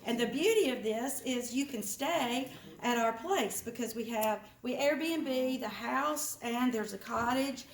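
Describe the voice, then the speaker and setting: A woman's voice: fairly high pitch, a little slow, few pauses. A woman making a chatty, rambling announcement to a meeting, often laughing. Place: meeting room of an art association. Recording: roomy meeting hall.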